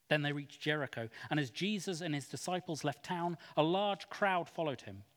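A man giving an expressive, dramatic Bible reading. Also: a little high, moderate pace, few pauses. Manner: expressive, acts out quoted speech. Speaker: scripture reader. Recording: long hall reverb.

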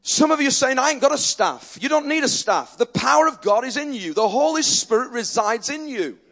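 A male preacher delivering a sermon, telling stories and quoting people, animated and often repeating words. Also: extremely high pitch, fairly quick. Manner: animated, repeats words when excited, quotes others in his stories. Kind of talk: sermon with storytelling.

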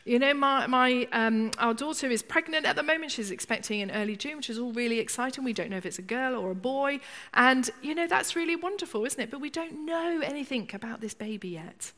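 Bright-voiced woman preaching in a reverberant hall. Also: sits high, a little fast. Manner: conversational, acts out inner voices. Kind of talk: sermon. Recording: long church reverb.

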